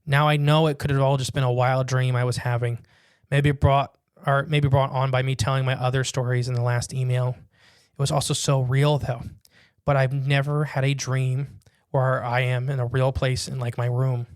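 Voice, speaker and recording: A man co-hosting a casual podcast, reading a listener's written story aloud and breaking in with quick jokes and asides. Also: mid-range voice, level tone, clear, resonant tone, no echo, studio quality.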